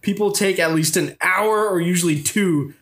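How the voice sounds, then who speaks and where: A man's voice: high-pitched, normal speed, a bit bright. A young man co-hosting a casual podcast, reading an article aloud in a mock-formal tone and laughing often. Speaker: podcast co-host.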